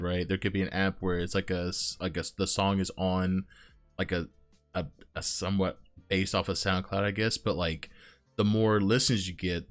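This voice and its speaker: A man's voice: low voice, smooth. A man hosting a casual interview stream, rambling with lots of filler words and frequent laughs. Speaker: interview show host. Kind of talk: casual chat.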